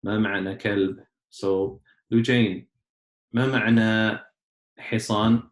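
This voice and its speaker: A man teaching a class, patiently explaining words step by step and often clearing his throat. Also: lowish voice, fairly even intonation, moderate pace, echoey room. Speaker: Arabic teacher. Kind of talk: online class lesson.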